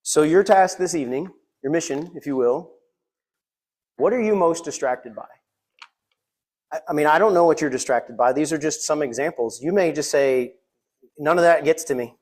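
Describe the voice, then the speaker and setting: A man's voice: on the high side, normal speed, long pauses, a little mellow. A man preaching a sermon in a church, earnest and reading scripture aloud. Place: church sanctuary.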